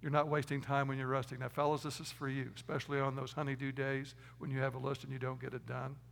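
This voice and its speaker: A man preaching a sermon, moving from emphatic loud stresses to quiet low asides. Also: level tone, fast talker, vocal fry, in a large hall. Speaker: pastor.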